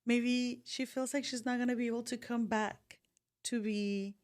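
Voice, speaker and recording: A woman co-hosts a podcast in casual conversation, her voice on the high side, darkish in tone, steady, and moderately paced. She speaks openly and thoughtfully, sometimes searching for her words.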